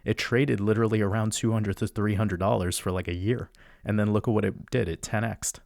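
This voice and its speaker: A man with a somewhat low voice talks a listener through price charts in a loose, casual way, circling back over the same points and stumbling into restarts. He sounds close to the mic in a dry, dead space. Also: fairly even intonation, fairly quick, vocal fry, a little mellow, no room sound. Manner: casual, repeats chart steps, frequent fillers and restarts. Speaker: crypto chart analyst host. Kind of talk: solo chart-walkthrough commentary.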